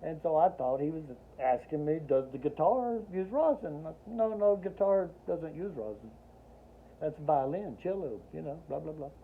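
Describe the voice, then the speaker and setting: Man, rambling storyteller, dry humor, acts out voices, lively swinging pitch, tinny phone-like sound. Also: moderate pace, vocal fry, slight background noise. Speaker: Army veteran telling a personal story. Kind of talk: casual spoken storytelling.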